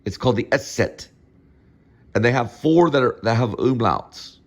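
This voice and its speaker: A man's voice: mid-range voice, lively intonation, normal speed, gravelly. A man hosting a casual home video, lecturing and drilling the same words over and over. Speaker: show host.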